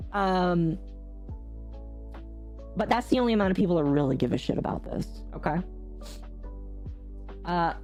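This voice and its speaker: A woman gaming streamer chatting casually to her live chat, ranting with big jumps in pitch and frequent laughter. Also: darkish tone.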